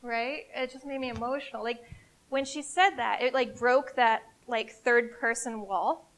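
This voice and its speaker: A woman giving a live business presentation to an audience in an event room, in an energetic, conversational and emphatic way. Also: fairly high pitch, unhurried. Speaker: CEO giving a marketing presentation. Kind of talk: live conference talk.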